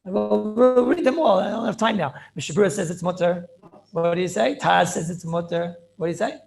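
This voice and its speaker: A rabbi teaching a Talmudic class over a video call, repeating phrases and checking in with "right?" and "clear?". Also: male voice, sits high, fairly quick, darkish tone, soft background music.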